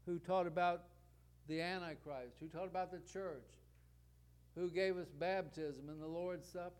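A man's voice: a little high, measured pace, pauses often, clean tone. A man preaching a sermon, building points with rhetorical questions and repeated parallel phrases.

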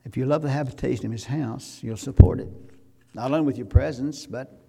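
A pastor, preaching a sermon that rises to loud, fervent exhortation. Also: male voice, medium pitch, fairly quick, vocal fry, husky.

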